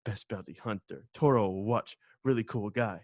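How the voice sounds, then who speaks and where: A man co-hosting a podcast in casual chat, excitable and ranting, swearing freely. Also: fairly low pitch, moderate pace. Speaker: podcast co-host.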